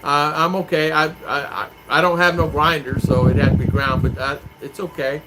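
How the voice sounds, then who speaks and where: A man's voice: fairly high pitch, fairly even intonation, moderate pace. A man in a casual live-stream chat, rambling as he reads out viewer comments and answers them. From United States. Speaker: vlogger. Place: home in the Philippines. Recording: clear clicking noise behind voice.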